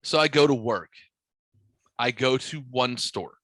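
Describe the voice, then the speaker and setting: A podcast host, a man, tells a rambling story in casual chat. He swears a lot and acts out every line of dialogue. His mid-pitched voice sounds dry, with almost no room around it. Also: measured pace, fairly bright tone, no echo.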